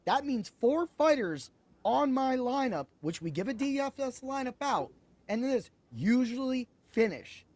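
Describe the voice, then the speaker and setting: A man hosting a podcast, talking excitably about fights in a rambling way that keeps correcting itself. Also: very high voice, a little slow, dry recording. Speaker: podcast host. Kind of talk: animated sports betting chat.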